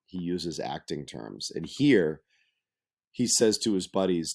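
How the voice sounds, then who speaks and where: A man lecturing on a play, explaining slowly and reading quoted lines aloud with emphasis. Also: deep voice, very animated, creaky. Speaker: teacher. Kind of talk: literature lecture.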